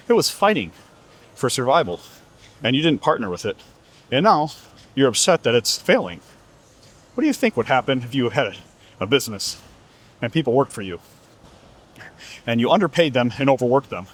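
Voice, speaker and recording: A man coaching about fitness in a blunt, profane, lecturing monologue. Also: mid-range voice. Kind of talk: motivational monologue.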